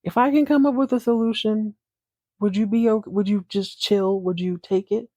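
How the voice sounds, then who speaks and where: A woman's voice: medium pitch, fairly even intonation, moderate pace, mellow, no echo, pitched above the performer's own voice, close to an everyday voice. A woman voicing a tired grown son who pleads with his father, on a dry recording. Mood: weary pleading.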